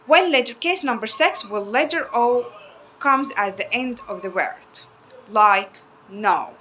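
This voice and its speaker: A woman English teacher giving a phonics lesson, slowly repeating each word twice and stretching the vowels. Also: on the high side, animated, bright, forceful tone, a little hiss or hum.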